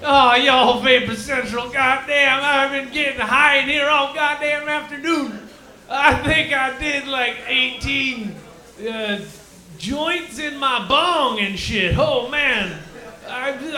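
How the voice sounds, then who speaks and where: A man's voice: very high-pitched, sharp tone, heavily acted. A man voicing a crude, stoned male Texan cobra with a put-on Texan drawl, rambling and whooping in a live stand-up character bit. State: claims to be high, cotton mouth. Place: comedy lounge stage, live. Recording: roomy live club room.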